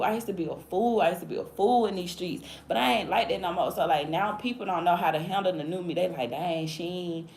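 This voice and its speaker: A woman in her thirties livestreaming and talking casually in slang, often asking "you feel me?". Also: fairly low pitch. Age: 30s. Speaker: livestream host. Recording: echoey room with faint background noise.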